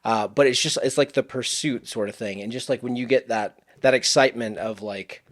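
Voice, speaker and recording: A man from the Gulf Coast, a podcast guest talking in a relaxed way and describing things vividly. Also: mid-range voice, a little fast. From US Gulf Coast, Marine Corps family. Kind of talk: casual conversation.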